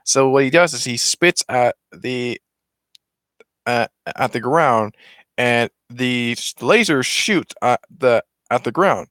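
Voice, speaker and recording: A man retelling a film in a casual, excited, rambling way with many restarts. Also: mid-range voice, slow, dry recording.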